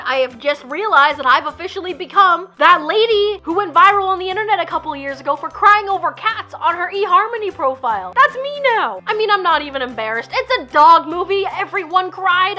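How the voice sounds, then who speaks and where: A woman's voice: very high-pitched, expressive, a little fast, few pauses, pushed and bright, soft background music. A woman vlogging to camera, teary and close to crying, gushing emotionally and laughing through her tears. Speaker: YouTuber reviewing a film. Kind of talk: casual vlog talk to camera.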